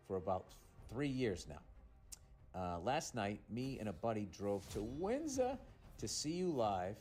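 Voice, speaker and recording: A man hosting a comedy podcast, reading a listener's letter aloud and breaking in with sarcastic, profane asides. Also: a little high.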